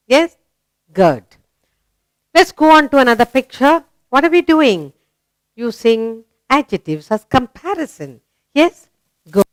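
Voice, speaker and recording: A woman teaches little children, slowly and patiently. Her voice is smooth and clear, recorded close and dry with no room sound. She asks many sing-song questions. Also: mid-range voice, no echo, rough recording. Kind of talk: children's grammar lesson.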